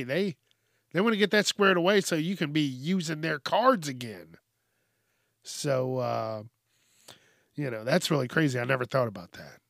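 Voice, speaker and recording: Blunt, profane male podcast host; slow delivery, dry close mic. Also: fairly high pitch, a bit bright, no room sound. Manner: profane, ranting, blunt and conversational. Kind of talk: casual solo podcast monologue.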